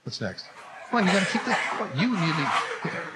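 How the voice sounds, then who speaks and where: A man's voice: high-pitched, very animated, fairly quick, background noise. A man teaching a class, talking casually with playful, wry asides. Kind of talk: joking classroom talk.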